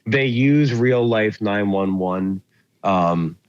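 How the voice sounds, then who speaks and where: A man co-hosts a movie podcast in a casual chat, his voice on the low side. He rambles and fills gaps with ums and likes as he hunts for words. The sound is dry and dull, with a lo-fi feel. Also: takes it slowly, clean tone, dry recording. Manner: rambling, searches for words with many fillers. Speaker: podcast co-host.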